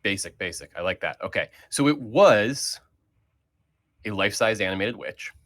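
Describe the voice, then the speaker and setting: A man's voice: on the low side, expressive, moderate pace, a bit bright. A man leading a casual group chat as host, talking in a rambling way with many fillers and restarts.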